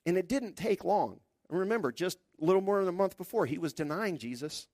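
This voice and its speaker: A man preaching a sermon in a conversational, lively way, acting out the quotes. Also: sits high, fairly quick, dry recording, studio quality. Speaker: pastor.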